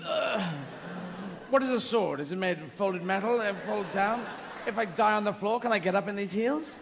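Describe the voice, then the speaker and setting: A man's voice: high voice, moderate pace, vocal fry, crowd noise. A man performing a rambling stand-up comedy routine, acting out little voices as he goes. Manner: rambling, animated, acts out quoted voices. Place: large theatre stage. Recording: live hall with audience noise.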